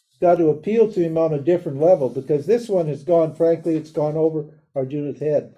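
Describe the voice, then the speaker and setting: An older man giving a live lecture on a spiritual text in a casual, animated way, laughing often and mimicking other people. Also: a little high, normal speed, lo-fi sound. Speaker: Vedanta teacher.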